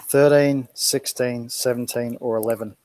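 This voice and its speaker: A man's voice: mid-range voice, fairly even intonation, unhurried, a little mellow, slight background noise. A man hosting a live football quiz over a video call, reading out multiple-choice answers in a sing-song list. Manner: reads multiple-choice options out in a lilting list. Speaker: quizmaster. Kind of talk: live quiz stream chat.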